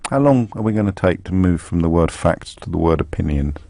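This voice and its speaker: A man's voice: deep voice, animated, brisk, gravelly, warm tone, no echo, clean studio sound. A man hosting a live radio talk show, reading aloud on air with sarcastic, mocking asides. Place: radio studio. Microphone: studio microphone.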